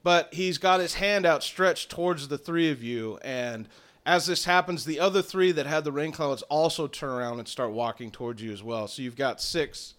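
A man narrating as game master of a tabletop game, playful and quick to laugh. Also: a little high, a bit bright. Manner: playful, laughing, slips into mock Scottish druid voices.

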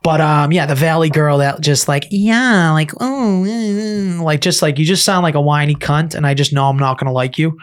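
A man's voice: fairly high pitch, steady tone, fast, few pauses. A man co-hosting a podcast, ranting in crude, profane, jokey casual banter. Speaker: podcast co-host.

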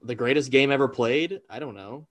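A man's voice: medium pitch, normal speed, dry recording. A man chatting casually as a podcast co-host, rambling through guesses and laughing at himself. His voice sits in an ordinary middle range. The sound is dry and close. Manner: rambling, laughing, self-deprecating. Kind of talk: casual chat.

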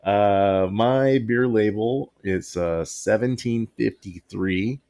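A man's voice: fairly low pitch, slow, darkish tone. A man co-hosting a podcast in casual chat, rambling and often breaking into laughter mid-sentence. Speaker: podcast co-host.

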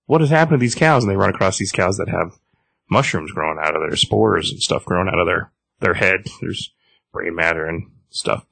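A man's voice: sits low, fairly even intonation, moderate pace, vocal fry, sharp tone, husky, no room sound. A man hosting a podcast, recapping a comic book casually, rambling with many fillers and restarts.

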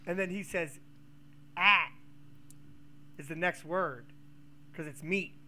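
A man co-hosting a casual comedy podcast, delivering deadpan puns that trail off quietly. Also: a little high, normal speed. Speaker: podcast co-host.

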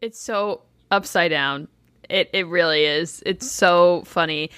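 A woman's voice: on the low side, takes it slowly, fairly bright tone, clear, resonant tone, dry recording, clean studio sound. A woman co-hosting a podcast, chatting bluntly and casually, with plenty of swearing. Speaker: podcast co-host. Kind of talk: casual recap chat.

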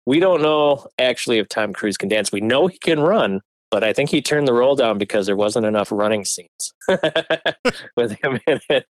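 A man's voice: medium pitch, animated, normal speed, no echo. A man co-hosting a casual movie chat, laughing often and hedging with fillers. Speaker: podcast co-host.

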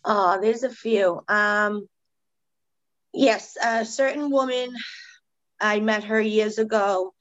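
A woman's voice: mid-range voice, lo-fi sound. A woman, a beauty business owner being interviewed on a podcast, talking in a chatty, heartfelt way full of "you know" fillers. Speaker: guest, permanent makeup business owner.

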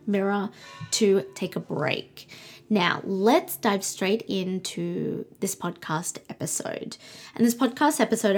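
Breathy young woman hosting a spiritual podcast. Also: medium pitch. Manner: soft, soothing, slows down for affirmations. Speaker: podcast host. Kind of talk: spiritual card-reading podcast talk.

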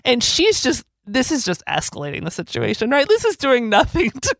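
A woman co-hosting a podcast, telling a story in a blunt, animated way and swearing freely. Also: on the high side, moderate pace, gravelly, dry recording. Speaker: podcast co-host. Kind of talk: casual chat, storytelling.

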